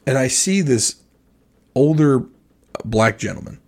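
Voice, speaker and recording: A man on a podcast telling a rambling, animated story in casual chat. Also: mid-range voice, unhurried. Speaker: podcast co-host.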